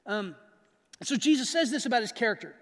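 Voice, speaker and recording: A man pastor giving a conversational sermon, stressing key phrases by slowing down and checking in with his listeners. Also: very high voice, expressive. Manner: conversational, asks the audience questions. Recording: long reverb of a large hall.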